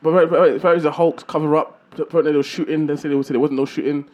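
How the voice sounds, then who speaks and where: A man's voice: on the high side, fairly even intonation, racing, a little mellow, highs cut off. A young man hosting a podcast, rambling and loose with plenty of fillers. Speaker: podcast host. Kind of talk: casual chat.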